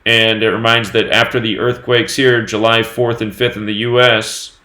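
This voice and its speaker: A man hosting his own news channel, talking on his own through dates and number sums in a steady, running commentary. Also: fairly low pitch, normal speed, roomy sound. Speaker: host of a numerology news channel.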